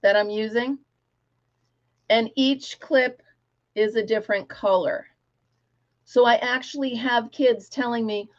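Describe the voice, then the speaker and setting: A woman's voice: fairly high pitch, steady tone, measured pace, pauses often, highs cut off. A middle-aged woman hosting a casual craft livestream, chatty, laughing often and breaking into bits of song. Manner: chatty, laughs often, sings snatches of songs.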